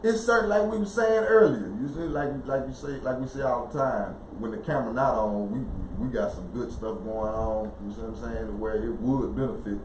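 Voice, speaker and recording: A man in his forties, a podcast co-host in a casual spiritual discussion, animated and forever asking "you see?". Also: medium pitch, a little fast, few pauses, echoey room, noisy background. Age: 40s.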